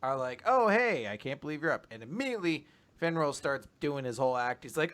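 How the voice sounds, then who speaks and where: A young man casually chatting as a podcast co-host, rambling through summaries and slipping into animated quoted voices. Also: a little high, brisk. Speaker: podcast co-host recapping manga. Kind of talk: casual chat.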